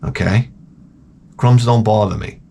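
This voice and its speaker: A middle-aged man hosting a casual show, telling rambling, profane stories and jumping into loud, high-pitched exclamations when he quotes himself. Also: steady tone, unhurried, a little hiss or hum. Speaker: host. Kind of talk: casual storytelling rant.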